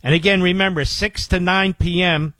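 A man's voice: high-pitched, steady tone, moderate pace, bright, forceful tone, no room sound. A man hosting a talk radio show, introducing archive clips in a reflective monologue and speaking proudly of his audience.

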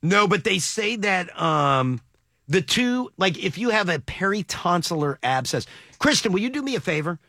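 A man hosting a morning radio show, animated and joking with his co-hosts and callers in a studio. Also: high-pitched, dry recording. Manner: animated, joking, quick to laugh. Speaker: radio host. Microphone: studio mic.

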